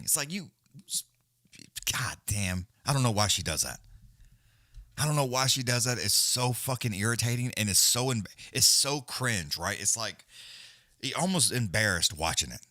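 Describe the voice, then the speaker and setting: Animated, profane male live-streamer. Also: mid-range voice, moderate pace, dry recording, clean studio sound. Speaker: livestream host. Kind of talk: casual live-stream chat.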